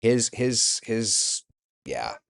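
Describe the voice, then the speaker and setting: A man with a fairly low voice hosts a relaxed morning chat show. He talks to his viewers by name, chatty and quick to laugh as he answers their comments. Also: vocal fry. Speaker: host.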